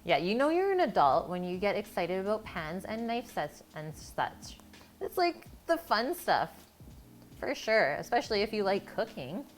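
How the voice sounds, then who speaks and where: A woman's voice: medium pitch, very animated, moderate pace, hardly any pauses, faint music behind. A woman hosting a live cooking stream, chatting casually with her viewers as she cooks in a home kitchen. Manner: chatty, talks to chat while cooking. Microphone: streaming mic.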